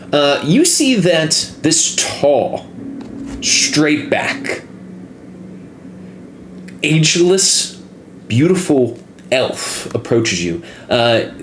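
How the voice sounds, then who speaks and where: A man running a tabletop game as game master, talking with hesitant fillers. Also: mid-range voice. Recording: echoey room with faint noise.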